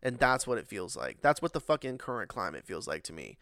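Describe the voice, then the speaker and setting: Profane rambling man with a gravelly voice. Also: fairly low pitch, big pitch swings, a little fast, a bit bright, no room sound, clean studio sound. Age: adult, working. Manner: profane, rambling, exasperated, lots of fillers. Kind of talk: casual monologue rant.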